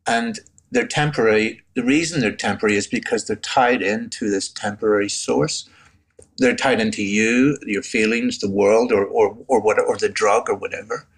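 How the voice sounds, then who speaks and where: A man's voice: fairly low pitch, fairly even intonation, normal speed, breathy edge. A man in his sixties from Northern Ireland with a Northern Irish accent, a guest telling his faith story in an interview in a reflective, emotional way. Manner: reflective, gets choked up, laughs softly. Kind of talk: interview testimony.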